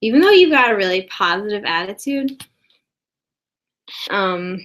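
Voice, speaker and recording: A woman's voice: mid-range voice, big pitch swings, measured pace, fairly bright tone. A woman rambling through an improvised comedy monologue at her desk. She is mock-earnest and builds into outrage. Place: indoors at a desk.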